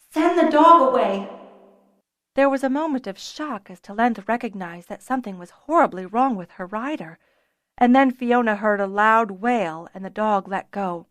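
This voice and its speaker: A woman narrating a fantasy audiobook in a measured, expressive storytelling manner. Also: mid-range voice, dry recording.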